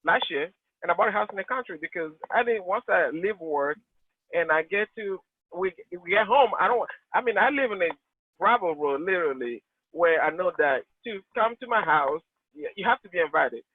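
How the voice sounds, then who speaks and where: A man in his late thirties with a Togolese accent, talking earnestly and animatedly with many restarts. His voice sits fairly high for a man. The sound is tinny and dry, like a phone line. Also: expressive, moderate pace, dry recording. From Togo, West Africa. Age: 30s. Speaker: real estate agent guest. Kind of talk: conversational interview answers.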